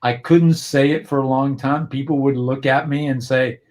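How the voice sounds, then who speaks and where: A man's voice: mid-range voice, fairly even intonation, normal speed, a little mellow. A man guest on a video-call interview, telling a personal story in an earnest, reflective way with frequent restarts.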